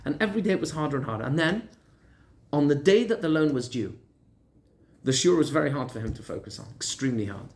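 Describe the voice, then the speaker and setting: A male rabbi telling a story in a lunchtime Torah class, animated and conversational. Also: a little high, fast talker, a little hiss or hum. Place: lecture room in Gibraltar.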